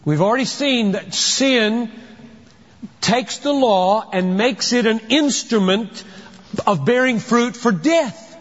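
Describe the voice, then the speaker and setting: A man's voice: very high-pitched, slow pace. A man preaching a sermon, emphatic, posing rhetorical questions and then answering them. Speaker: pastor. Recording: dull lo-fi recording with long hall reverb.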